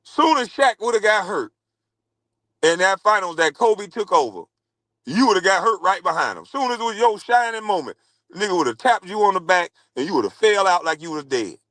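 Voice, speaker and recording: Brief: male ex-athlete, angry mocking rant, higher voice, dry close mic. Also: big pitch swings, a little fast, fairly bright tone, dry recording, low-quality recording. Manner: scornful, mocking, repeats taunts. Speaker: former pro basketball player. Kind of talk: heated rant. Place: podcast studio.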